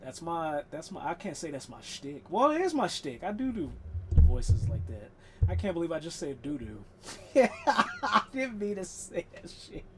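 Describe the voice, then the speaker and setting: Gaming streamer, casual chat, rambling and profane, frequent laughter, mid-pitched voice. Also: very animated, normal speed, noisy background. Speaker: live streamer.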